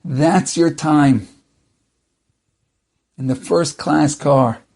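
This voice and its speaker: A man's voice: a little high, fairly even intonation, very slow, gravelly, darkish tone. A man, a rabbi, telling a story in a dramatic, varied way. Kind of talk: storytelling talk.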